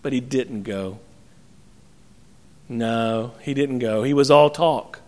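A man's voice: medium pitch, takes it slowly. A male pastor preaching a sermon, telling a parable and acting out its voices. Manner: storytelling, acts out voices in parables. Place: church sanctuary. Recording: church sanctuary with long reverb.

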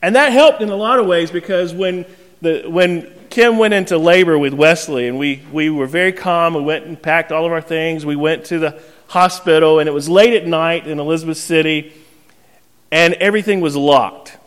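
Animated pastor telling a story in a reverberant hall. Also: male voice, a little high, moderate pace. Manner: animated, self-mocking storyteller who acts out scenes. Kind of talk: storytelling sermon. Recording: long reverb of a large hall.

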